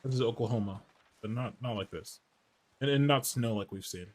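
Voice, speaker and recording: A man from the American Midwest chatting casually while he streams a game, answering his chat's questions out loud. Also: medium pitch, normal speed. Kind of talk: casual gameplay commentary.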